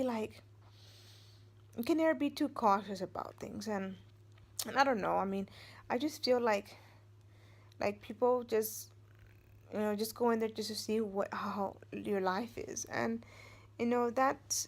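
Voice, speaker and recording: A woman's voice: on the high side, vocal fry. A middle-aged woman vlogging from home, telling a personal story in a rambling, meandering way. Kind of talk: casual storytelling.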